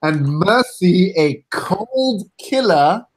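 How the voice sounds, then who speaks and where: A man running a tabletop game as game master, who explains character setup in an unhurried, wry way with many fillers. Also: high-pitched, expressive, breathy edge, poor audio.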